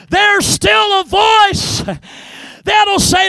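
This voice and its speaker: A hoarse man preaching a sermon, shouting with call-and-response exhortations to the congregation, his voice still rough from a recent respiratory infection. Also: extremely high pitch, expressive, slow pace, no echo.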